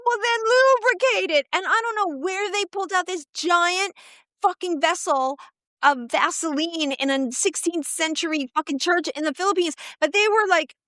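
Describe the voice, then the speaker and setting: A woman's voice: very high voice, normal speed, pushed and bright, no room sound. A middle-aged woman hosting a chat show, telling profane, bawdy stories and laughing often. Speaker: podcast host. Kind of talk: casual chat.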